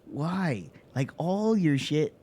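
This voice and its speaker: A man's voice: mid-range voice, moderate pace, a little mellow. A man chatting casually while streaming a game, rambling and laughing often. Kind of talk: casual chat while gaming.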